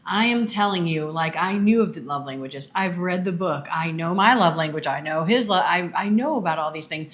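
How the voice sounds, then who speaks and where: A woman's voice: on the low side, brisk, few pauses. A woman co-hosting a casual podcast with her husband, telling stories in an earnest, emphatic way. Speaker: podcast co-host. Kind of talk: casual conversation.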